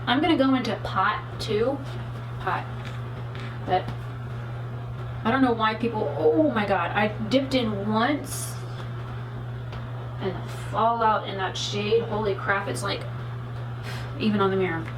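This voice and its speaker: A woman's voice: medium pitch, unhurried, long pauses, background noise. A woman vlogger talking casually while she does her makeup, rambling through frank asides. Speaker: beauty vlogger. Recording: roomy echo, speaking from a distance to the mic.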